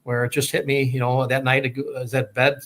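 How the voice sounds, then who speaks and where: Man, mid pitch, fast rambling storyteller, lots of ums and restarts. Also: level tone, fairly bright tone. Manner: rambling, many fillers and restarts. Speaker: guest telling his story. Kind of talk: casual storytelling.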